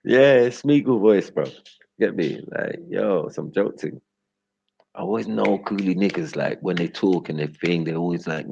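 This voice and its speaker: A deep, husky man rants casually on a livestream. He laughs as he talks and keeps asking "you get me?" The audio is dull and lo-fi. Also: slow pace, darkish tone. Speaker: livestream host. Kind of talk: casual ranting commentary.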